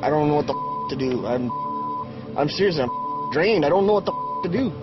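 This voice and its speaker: A man barks blunt, quick instructions from the passenger seat. His voice is high and lively, and he talks fast. The audio is dull, with loud music behind. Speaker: passenger and partner of a contestant. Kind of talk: unscripted reality TV talk.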